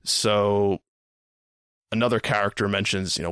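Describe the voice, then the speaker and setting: Man, podcast host, low voice, dry close sound, rambling casual storyteller. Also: moderate pace, fairly bright tone, no room sound. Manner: rambling, repeats words, casual swearing.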